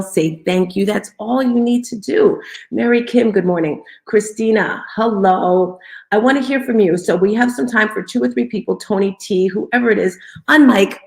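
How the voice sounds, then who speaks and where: A woman hosts a motivational morning talk with an upbeat, coaxing energy. She calls on listeners and leads call-and-response cheers. Her voice sits at a middle pitch. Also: normal speed, creaky. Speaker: host of a live audio room.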